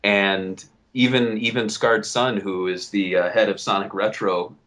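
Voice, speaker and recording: Animated, swearing young man, low voice. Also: unhurried. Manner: animated, swearing, riffs and vents. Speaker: podcast co-host. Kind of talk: casual podcast chat.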